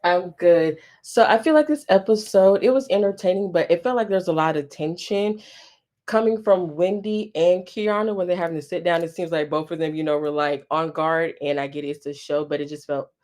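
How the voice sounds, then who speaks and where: A woman calls in to a talk show with a lowish voice. She speaks emphatically, with a loose and conversational rhythm. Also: moderate pace, darkish tone. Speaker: caller. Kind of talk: casual call-in comment.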